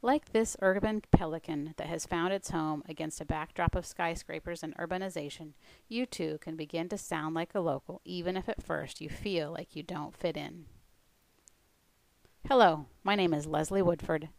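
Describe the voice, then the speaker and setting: A woman who coaches language learners, giving a scripted presentation in a clear, steady way. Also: fairly low pitch, moderate pace, dry recording, low-quality recording. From United States.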